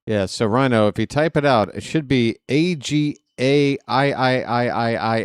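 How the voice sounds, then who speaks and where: Male fan commentator, unhurried, jokey stickler, dry sound. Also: medium pitch, clear, resonant tone, no room sound. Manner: chatty, joking, fussy stickler. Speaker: fan play-by-play host. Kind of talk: live stream play-by-play commentary.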